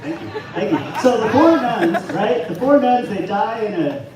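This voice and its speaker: A man doing a halting, self-deprecating stand-up set at an open mic in a bar. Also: high-pitched, big pitch swings, a crowd in the background. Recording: echoey venue from far off, noisy.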